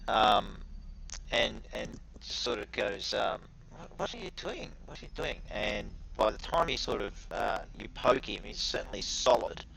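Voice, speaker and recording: A man narrating as game master, halting with many fillers as he describes the scene. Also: on the low side, creaky, sharp tone, slight background noise, low-quality recording.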